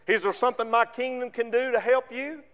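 A man's voice: extremely high pitch, fairly even intonation, fairly quick, fairly bright tone, lo-fi sound. A preacher voicing an ancient king who anxiously questions his trusted servant. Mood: eager to help. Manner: pleading, questioning. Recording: long reverb.

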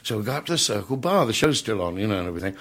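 A man's voice: lowish voice, big pitch swings, racing, noisy background. An older man, an entertainer, telling comic backstage anecdotes in a chatty way, full of "you know" asides. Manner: chatty, peppered with "you know", laughs at his own tales.

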